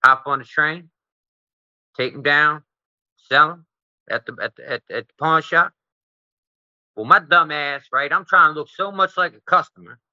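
A man's voice: a little high, moderate pace, long pauses, pushed and bright, no echo, lo-fi sound. A man as an interview guest, telling a profane, rambling story and tagging his sentences with "right?".

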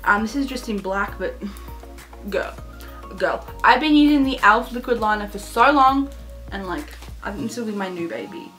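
A teenage girl gushing excitedly through a casual beauty haul vlog, saying "literally" constantly. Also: medium pitch, moderate pace, faint music behind. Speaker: beauty vlogger.

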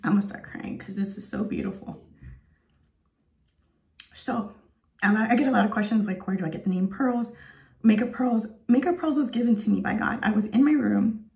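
A woman's voice: mid-range voice, normal speed, vocal fry, pauses often, darkish tone. A woman in her thirties giving an earnest, emotional spoken testimony as a vlogger, rambling with lots of fillers. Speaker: faith vlogger.

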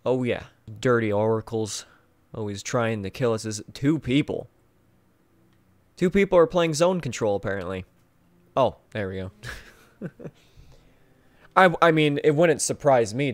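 A young man giving casual gameplay commentary, swinging between mumbled asides and excited yelps. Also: mid-range voice, no echo. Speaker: gaming YouTuber.

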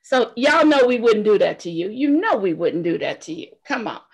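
A woman's voice: medium pitch, very animated, normal speed, background noise. A woman hosting a casual interview, bantering and laughing with her guest. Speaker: host.

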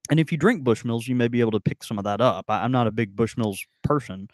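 Talking fast in a darkish mid-range voice, a man co-hosts a casual tasting chat on a podcast in Mississippi. He rambles, leaning on fillers and frequent restarts. The sound is clean studio audio with no echo.

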